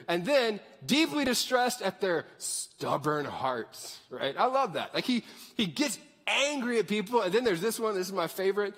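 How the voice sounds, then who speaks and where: A man's voice: high-pitched, moderate pace, husky. A male pastor giving a casual, jokey sermon in a church. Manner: animated, conversational, jokey. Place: church sanctuary. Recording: reverberant church hall.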